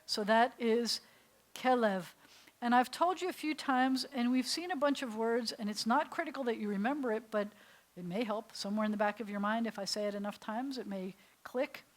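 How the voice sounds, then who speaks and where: A woman rabbi with an American accent teaching a beginners' Hebrew class, sounding out letters slowly and adding playful asides. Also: a little high, poor audio. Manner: patient, explains step by step, sounds out letters slowly. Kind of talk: classroom lesson. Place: synagogue classroom.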